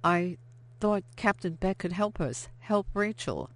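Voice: mid-range voice, animated, unhurried, fairly bright tone, pitched above the performer's own voice. An audiobook narrator voicing Vianne, a young French wife, anxious and guilt-ridden, who pleads and stammers when cornered. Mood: defensive.

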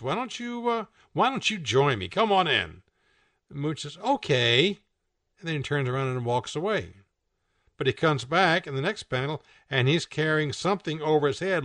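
A man's voice: mid-range voice, no echo. A man hosting a radio show, casually describing comic strips aloud and laughing at the jokes. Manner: relaxed, chatty, laughs at the jokes.

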